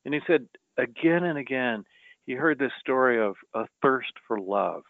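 A male journalist, a guest in a conversation, retelling anecdotes in a measured, storytelling way. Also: mid-range voice, lively intonation, vocal fry, no room sound. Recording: tinny phone-like line, dry.

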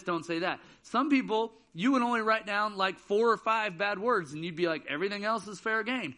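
A man's voice: high-pitched, bright, forceful tone. A man in his thirties giving a casual youth sermon in church, telling jokey stories. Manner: casual, joking storyteller. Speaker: student ministry speaker. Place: church auditorium.

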